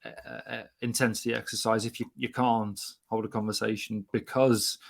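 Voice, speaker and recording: A man's voice: lowish voice, flat delivery, vocal fry. A man with a British accent co-hosting a podcast, teasing his co-host dryly and wrapping up the episode. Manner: dry teasing banter, then brisk wrap-up. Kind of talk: casual podcast chat.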